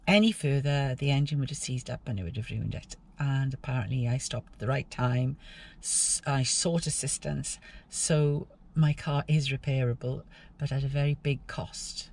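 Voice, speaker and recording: A woman's voice: low voice, a little mellow. A woman talking casually in a travel vlog, chatty and exclamatory, laughing often. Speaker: vlogger.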